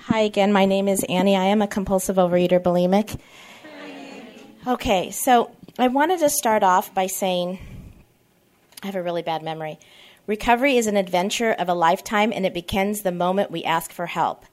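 A woman's voice: medium pitch, a little fast, a little mellow. A woman around fifty speaking at a twelve-step meeting, candid and rambling, often backtracking. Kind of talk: personal share at a support meeting. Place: meeting room.

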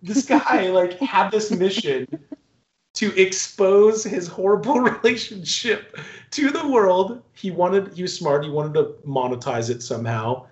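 A man's voice: high-pitched, measured pace. A man co-hosting a casual movie review chat, ranting profanely and laughing often. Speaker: podcast co-host. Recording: echoey, dull lo-fi room sound.

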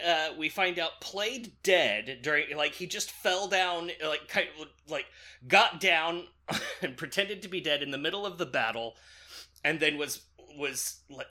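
Bright-voiced man recapping a movie. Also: a little high. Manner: loose, jokey retelling with many fillers and laughs. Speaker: podcast co-host recapping a film. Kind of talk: casual movie recap chat.

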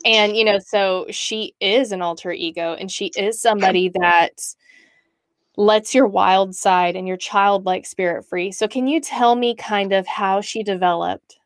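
A woman hosting a relaxed chat show and reading out listener questions to her co-host. The sound is dry and close, with no room around her voice, and her pitch is average for a woman. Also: measured pace, dry recording. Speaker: podcast host. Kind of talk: casual chat.

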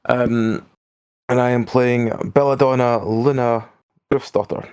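A man playing a tabletop game, introducing his character in a dry, deadpan way. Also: medium pitch, unhurried, smooth, dry recording. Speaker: player. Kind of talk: casual tabletop game chat.

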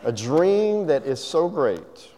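Mellow-voiced preacher in an echoing hall. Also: male voice, fairly high pitch, big pitch swings. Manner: joke-telling, then slow and solemn. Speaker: pastor. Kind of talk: sermon. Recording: echoey hall reverb.

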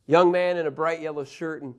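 A man delivers a Bible lesson in a preaching style, his voice sitting fairly high for a man. He tells stories with energy, pushing some lines out loudly and dropping others to near asides. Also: fairly quick, highs cut off. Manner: animated storyteller, shifts between loud emphasis and quiet asides. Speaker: Bible teacher.

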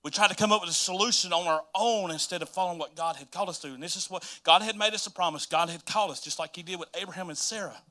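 A pastor preaching a sermon in a conversational way, often repeating and restarting words. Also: male voice, sits high, racing, hardly any pauses, pushed and bright.

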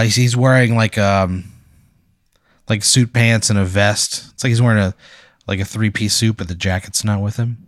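A man's voice: medium pitch, fairly bright tone, no echo, clean studio sound. A man hosting and narrating an improvised second-person story, talking casually and ramblingly with lots of fillers. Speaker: host narrating a hypothetical.

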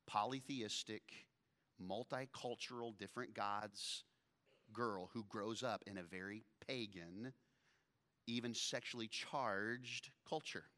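A male pastor delivers a sermon in a loose, joking, conversational way, often breaking into laughter. His voice is bright and forceful, with an ordinary pitch for a man. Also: big-room sound.

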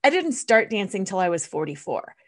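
A woman's voice: medium pitch, fairly quick. A woman in her fifties, a guest in an interview, telling stories and acting out her own thoughts. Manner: animated storyteller, acts out her own thoughts. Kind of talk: casual interview chat.

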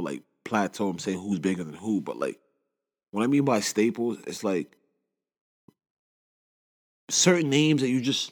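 Low-voiced man in his twenties rambling. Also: big-room sound. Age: 20s. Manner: rambling, constant "you know what I'm saying" fillers. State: shaken and upset. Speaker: podcast host. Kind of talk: casual solo monologue.

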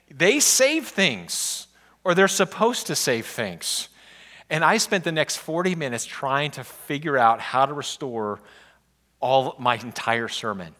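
A man pastor preaching a sermon in a conversational, storytelling way. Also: medium pitch. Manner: conversational preaching with animated, exasperated retellings.

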